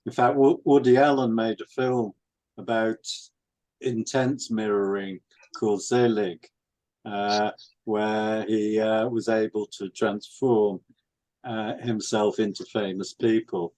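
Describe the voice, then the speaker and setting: Slow, low-voiced hesitant man. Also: level tone, mellow, rough recording. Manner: hesitant, lots of uh fillers. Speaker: discussion participant. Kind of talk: casual group chat on a video call. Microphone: video call.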